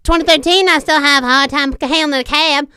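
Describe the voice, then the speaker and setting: Guy doing a sassy young woman, super high and bright, teasing and brash, dry close sound. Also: steady tone, brisk, no room sound, full character voice. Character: sassy young adult woman, quick-tongued. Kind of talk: comic reading of fan fiction.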